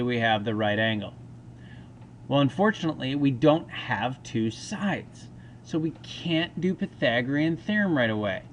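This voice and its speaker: A man's voice: medium pitch, a little hiss or hum. Casual man teaching a math lesson. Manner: talks through steps aloud, casual asides. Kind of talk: recorded lesson walkthrough.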